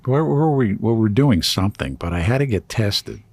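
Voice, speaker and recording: A man's voice: lowish voice, expressive, brisk, darkish tone, no echo. A man co-hosting a podcast, telling a story in casual chat and laughing often as he goes. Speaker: podcast co-host.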